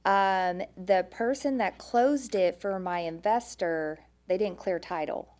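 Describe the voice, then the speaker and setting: A woman's voice: medium pitch, takes it slowly, a little mellow. A woman from Arkansas with a Texan accent, chatting animatedly as a real estate guest. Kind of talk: casual chat.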